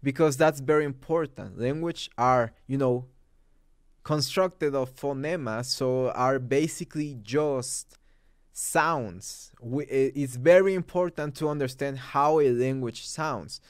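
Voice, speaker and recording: Mexican-accented male host, Spanish-speaking native, smooth resonant voice, dry close sound, emphatic casual commentary. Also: medium pitch, takes it slowly, no room sound. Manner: emphatic, conversational, with many asides. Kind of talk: opinion commentary.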